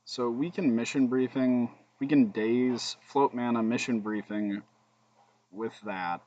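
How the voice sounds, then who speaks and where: A man with a fairly low, darkish voice, heard through dull audio, streams a card game as casual commentary. Between plays he thinks aloud, hums and mutters, and makes joking asides to his chat.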